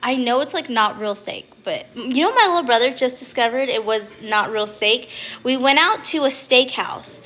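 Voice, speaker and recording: A woman's voice: on the high side, animated, normal speed, a bit bright. A young woman streaming live from home on her phone, chatting casually with frequent laughs and swearing. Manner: chatty, rambling, swears freely, laughs often. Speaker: livestream host. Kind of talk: casual chat.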